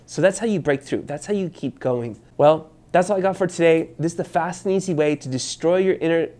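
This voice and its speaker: A man's voice: fairly high pitch, brisk, darkish tone. A man talking to the camera as a self-help coach, earnest, often repeating and restarting phrases. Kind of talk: casual talk to camera.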